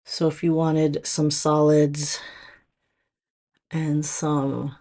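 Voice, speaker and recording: A woman with a Minnesota accent talks through a product showcase in a loose, chatty way, often stopping to restart her sentences. Her voice sits low, and she takes her time. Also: level tone, very slow, mellow. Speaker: nail product stylist.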